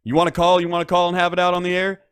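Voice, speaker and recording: A man's voice: sits high, completely flat delivery, racing, fairly bright tone, clean tone. Profane mocking man hosting a late-night show. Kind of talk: casual on-air rant.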